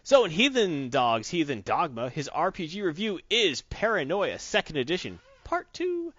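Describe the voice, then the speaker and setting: A man's voice: on the high side, wildly swooping pitch, moderate pace, fairly bright tone, dry recording. A man co-hosts a casual podcast, his voice swinging up and down as he jokes and laughs. The sound is dull and lo-fi, with a dry, close feel. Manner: jokey, laughs often, riffs on comics and movies. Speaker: podcast co-host.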